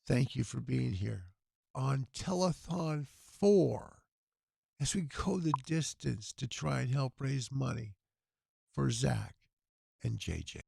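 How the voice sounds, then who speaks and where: Earnest male telethon host, hoarse and gravelly, slow-talking, dry close sound. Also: mid-range voice, expressive, a little mellow, no room sound. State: hoarse, tired voice. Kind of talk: casual livestream talk with prayer.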